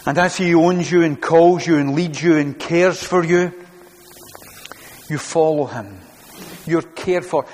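A man's voice: fairly high pitch, a little slow, pauses often, darkish tone, long reverb tail. A man preaching a sermon to his congregation, earnest and repeating his phrases as he goes. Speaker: pastor.

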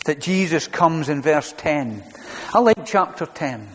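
A man's voice: fairly high pitch, expressive, measured pace, in a large hall, slight background noise. A man preaching a sermon to his congregation, earnest and repeating his phrases as he goes. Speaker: pastor.

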